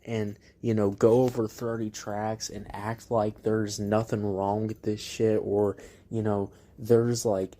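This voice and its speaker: A man's voice: lowish voice, flat delivery, slow pace, warm tone. A man hosting a casual album review, ranting bluntly and profanely with exasperation. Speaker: music reviewer host.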